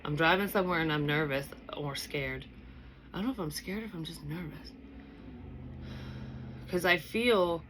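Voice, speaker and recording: A young woman talks her way through a psychic reading in a low voice, circling back and restarting as she thinks aloud. She swears casually and never sounds scripted. A faint hiss of noise sits behind her. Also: a bit bright. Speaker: psychic medium reader. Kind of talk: casual spoken tarot reading.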